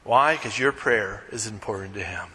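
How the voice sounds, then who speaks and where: A man preaching a casual, conversational sermon, animated and joking with the congregation. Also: lowish voice, normal speed, in a large hall, low-quality recording. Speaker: pastor.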